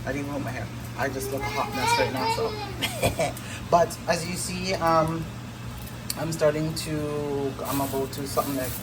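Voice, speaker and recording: Chatty mom, low voice. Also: female voice. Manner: chatty, rambling, loose and informal. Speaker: family vlogger. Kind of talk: casual vlog chat. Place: home kitchen. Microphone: phone camera, speaker off screen. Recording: noisy home phone recording.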